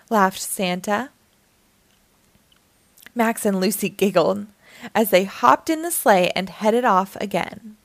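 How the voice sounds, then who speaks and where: A woman reading a children's picture book aloud as the storytime host, in an expressive storytelling manner. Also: mid-range voice, slow, pauses often, dry recording. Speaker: storytime reader.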